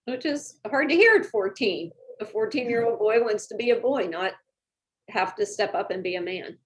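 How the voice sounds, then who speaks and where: A woman's voice: medium pitch, expressive, normal speed, poor audio. A woman hosting an interview, giving brief supportive responses. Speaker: host. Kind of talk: interview host reactions.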